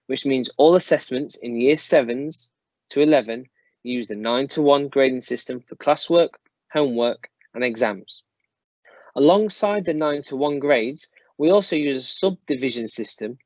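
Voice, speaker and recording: A man reads a prepared school presentation in a steady, formal, explanatory way, in a middle-pitched voice. The recording is dry and close, with a slightly dull, muffled quality. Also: no room sound. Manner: measured, formal, explanatory delivery. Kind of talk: scripted presentation to parents.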